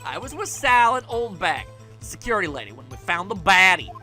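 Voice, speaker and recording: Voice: medium pitch, a little fast, soft background music. Nachgesprochene Spielfigur, Frau, kalt und spöttisch, schwankende Tonhöhe. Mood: dismissive. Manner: flat, condescending, with a failed foreign accent. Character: cold, dismissive woman witness.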